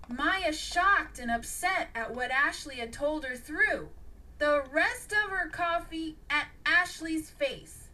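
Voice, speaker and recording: A woman reading an audiobook story aloud in an earnest, animated way. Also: sits high, slow. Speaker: audiobook narrator.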